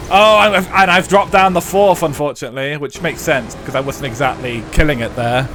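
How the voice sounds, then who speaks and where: A man's voice: on the high side, fairly bright tone. A young man streaming a racing game live, chatting casually with viewers, rambling and swearing with lots of fillers. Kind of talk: live gameplay commentary and chat.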